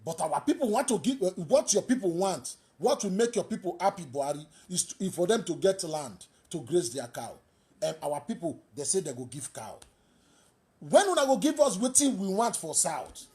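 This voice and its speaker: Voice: mid-range voice, sing-song, normal speed, mellow. A speaker with a Nigerian accent giving fiery political commentary as a talk show host, asking rhetorical questions and repeating phrases for emphasis.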